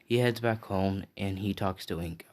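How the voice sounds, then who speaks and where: A young man with a low, deep voice tells an improvised story in a casual way. He rambles and stops now and then to recall names and details. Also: moderate pace, darkish tone.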